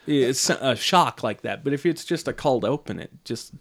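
A man's voice: medium pitch, animated, moderate pace, a bit bright. A man co-hosting a casual podcast chat about a movie, talking in a wry, rambling way. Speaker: podcast co-host.

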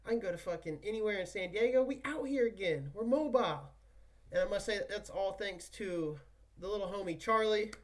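A man's voice: high-pitched, brisk. A young man hosting his own podcast, rambling in a profane, slangy, hyped way. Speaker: podcast host. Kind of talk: casual solo podcast chat.

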